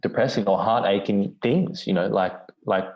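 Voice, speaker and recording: A man's voice: lowish voice, normal speed, darkish tone. A man being interviewed on a podcast, telling a personal story in a rambling way, full of "you know" and restarts. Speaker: podcast guest. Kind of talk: reflective storytelling. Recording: dull lo-fi audio.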